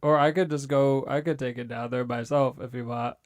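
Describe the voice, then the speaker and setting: A man playing a tabletop game, bantering in character with a joking, deadpan manner. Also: medium pitch, fairly quick, no room sound, lo-fi sound. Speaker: player.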